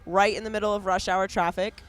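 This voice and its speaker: Woman, relaxed podcast host, talks loosely, filler-heavy banter. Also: mid-range voice, fairly quick. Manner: chatty, relaxed, uses lots of fillers. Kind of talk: casual interview chat.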